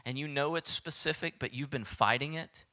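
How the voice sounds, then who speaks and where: A man with a Southern American accent preaching a sermon as pastor, animated and acting out quoted voices, sometimes dropping to a hushed whisper. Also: on the high side, moderate pace.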